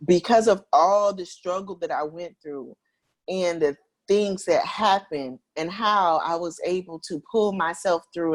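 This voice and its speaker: Low-voiced earnest woman guest. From South Carolina, USA. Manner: earnest, reflective. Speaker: podcast guest. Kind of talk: interview storytelling.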